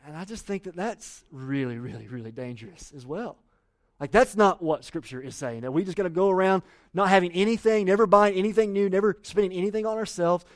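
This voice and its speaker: A man's voice: high voice, a little mellow. A man, preaching a sermon in a conversational way and getting the congregation to read along. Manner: conversational preaching with audience call-and-response. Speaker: pastor.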